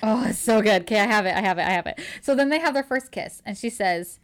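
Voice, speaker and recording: A woman's voice: medium pitch, animated, fast talker. A woman casually recapping a romance novel, gushing as she retells scenes with quoted dialogue. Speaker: book reviewer. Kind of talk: casual book recap chat.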